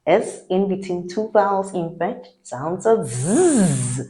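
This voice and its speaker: A woman teaching a French lesson, saying each word slowly and repeating it for learners to copy. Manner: slow, deliberate, repeats each word with lively pitch. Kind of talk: language lesson with repeat-after-me drills.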